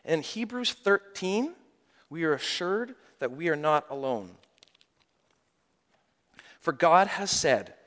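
A middle-aged male pastor preaches a sermon with a somewhat high voice. He moves from loud, lively stretches to hushed, near-quiet admissions. The long reverb of a church sanctuary trails after his words. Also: slow pace, long pauses. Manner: swings between loud animated mock-confidence and hushed, quiet confession.

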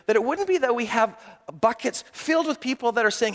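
A middle-aged man preaching a sermon, moving from loud, animated passages to hushed, quiet confession. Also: very high-pitched, brisk, hardly any pauses. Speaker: pastor. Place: church sanctuary. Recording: long church reverb.

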